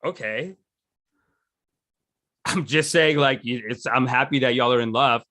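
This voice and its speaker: A man's voice: mid-range voice, measured pace, sharp tone, no echo, studio quality. A man teaching a meditation session in a loose, rambling, jokey way, often restarting his sentences. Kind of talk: casual teaching talk.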